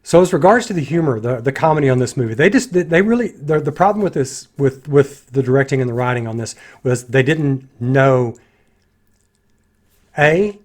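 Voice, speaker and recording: A man giving a casual spoken film critique, critical and animated, acting out lines of dialogue in his own voices. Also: mid-range voice, moderate pace. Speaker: movie reviewer.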